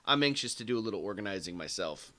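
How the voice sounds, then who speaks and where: A man chatting on a livestream from a home studio, laughing often and talking excitably with many restarts. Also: lowish voice, fast talker, soft background music. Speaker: guest co-host. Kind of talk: casual livestream chat. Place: home studio in a bedroom corner.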